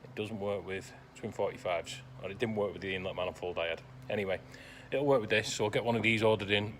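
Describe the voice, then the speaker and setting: In this workshop vlog, a fast-talking man with a lowish voice walks through a car restoration over a little hiss or hum. Practical, plain explanations alternate with his dry sarcasm and deadpan grumbling.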